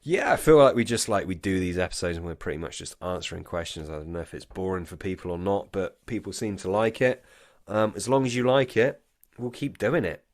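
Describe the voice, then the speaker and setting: A man's voice: deep voice, a little fast, dry recording, clean studio sound. A drunk man co-hosting a podcast in casual chat, rambling and swearing as he goes off on tangents. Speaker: podcast co-host.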